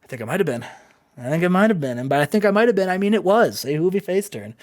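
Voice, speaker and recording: A man's voice: high-pitched, very animated, fast talker. A man hosting a casual let's play, chatty and rambling as he narrates a wrestling game with a friend. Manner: rambling, chatty, laughs often, frequent fillers.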